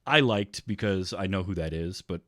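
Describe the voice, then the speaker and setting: A man with a low voice talks through a movie on his podcast, rambling and filling pauses with ums. He now and then acts out lines from scenes. The sound is dry and close. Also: animated, fairly bright tone, no room sound. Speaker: podcast host. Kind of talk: casual movie chat.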